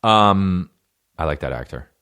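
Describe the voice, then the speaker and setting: A middle-aged podcast host rambles loosely through tangents in a casual monologue, swearing a lot and often restarting. His low voice is expressive, unhurried, and fairly bright.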